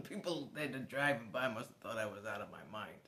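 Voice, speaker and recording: A man telling a personal story to the camera in a casual vlog, animated and swearing now and then. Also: mid-range voice, moderate pace, roomy sound. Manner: animated, swears, laughs as he tells it. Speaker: vlogger.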